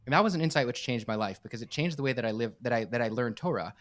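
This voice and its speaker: An earnest man talks quickly, sharing a personal story as a podcast guest. His voice sits at an ordinary middle pitch. He speaks with heartfelt conviction and often restarts a phrase. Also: expressive. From United States. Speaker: podcast guest, campus director and startup coach.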